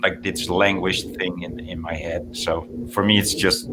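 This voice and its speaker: Dutch-accented man, lower voice, easygoing storyteller on a noisy home mic. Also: normal speed. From Netherlands. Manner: laughing, animated storyteller with restarts. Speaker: chat host. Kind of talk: casual chat.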